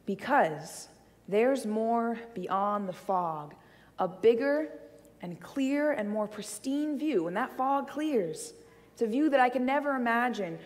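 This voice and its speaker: A woman's voice: a little high, animated, slow pace, long reverb tail. A woman giving a sermon, telling a personal story with playful asides. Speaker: church speaker. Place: church hall.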